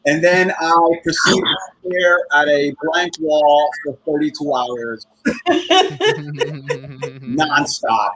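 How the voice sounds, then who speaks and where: A somewhat high-voiced man doing a rambling stand-up set from home over a computer microphone. He swears freely and keeps breaking into laughter at his own lines. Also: fairly even intonation, slow, few pauses, fairly bright tone, rough recording. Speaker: stand-up comedian. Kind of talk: stand-up set on a video call show. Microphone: computer microphone on a video call.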